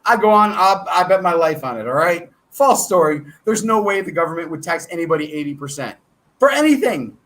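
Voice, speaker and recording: Casting note: American male stream host, high-pitched and bright, rambling and excitable in casual market commentary. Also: brisk. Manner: rambling, excitable, self-deprecating asides. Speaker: stock market show host.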